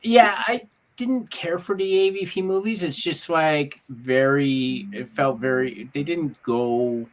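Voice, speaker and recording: Enthusiastic podcast guest, mid pitch. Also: slow pace, few pauses. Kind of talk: casual chat.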